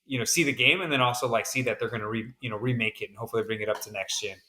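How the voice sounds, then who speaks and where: Laid-back man with a bright voice. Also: mid-range voice, racing. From American South. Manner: laid-back, says "man" often, rambling with fillers. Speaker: podcast co-host. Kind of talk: casual chat.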